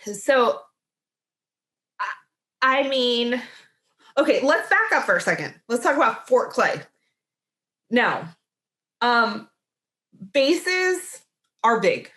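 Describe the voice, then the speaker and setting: A woman's voice: a little high, sing-song, takes it slowly, pauses often, sharp tone. A woman co-hosting a podcast in casual chat, talking in a chatty way with lots of "like" and restarts. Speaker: podcast co-host.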